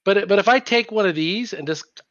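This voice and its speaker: A man's voice: high voice, moderate pace, fairly bright tone, muffled recording. A man in casual video call chat, joking around and tripping over his words. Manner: jokey, stumbles over words.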